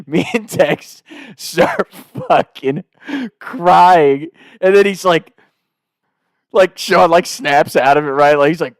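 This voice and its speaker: A young man telling a party story in a casual, animated way, swearing and laughing often. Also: fairly high pitch, measured pace, no room sound, studio quality.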